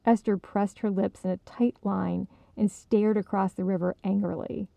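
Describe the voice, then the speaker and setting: A woman calmly narrating a short story as a storyteller. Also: mid-range voice, creaky, dry recording. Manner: calm, measured reading.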